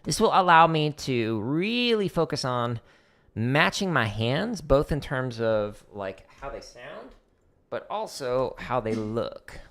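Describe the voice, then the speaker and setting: A man hosting a drum practice livestream, explaining patterns in a loose, conversational way. His voice sits at a middle pitch, and he talks through each exercise while he demonstrates it. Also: sing-song, slow, fairly bright tone. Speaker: drum teacher streaming practice. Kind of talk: casual livestream instruction.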